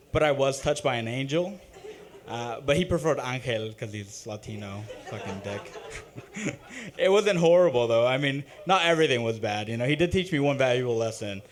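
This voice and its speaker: A young man performing a halting, self-deprecating open-mic stand-up set, full of ums and uhs. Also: medium pitch. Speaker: stand-up comic. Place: open-mic comedy stage.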